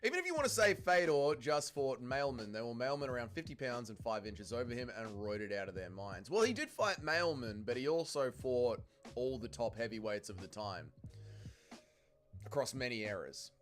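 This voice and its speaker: A livestream host from Melbourne with an Australian accent jokes his way through viewer comments in a casual stream, full of crude, lively banter with chat. His voice is medium in pitch at a normal speed, and faint music plays behind him.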